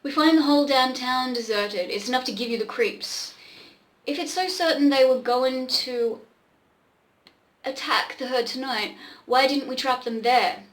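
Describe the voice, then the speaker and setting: A woman's voice: sits high, measured pace, echoey room. Woman reading as a jittery lanky cowboy, spooked, western pulp story, slightly raised voice. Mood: uneasy.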